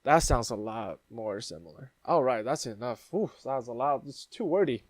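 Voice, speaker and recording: A man's voice: mid-range voice, expressive, normal speed, noisy background. A man hosting his own channel, chatting casually as he explains internet memes, with plenty of fillers and restarts. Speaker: YouTube host. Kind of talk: casual meme commentary.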